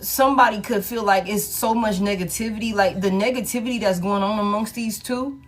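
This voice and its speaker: A woman's voice: medium pitch, brisk, faint music behind. A woman doing a casual tarot reading. She talks bluntly, swears freely and repeats her lines. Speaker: tarot reader.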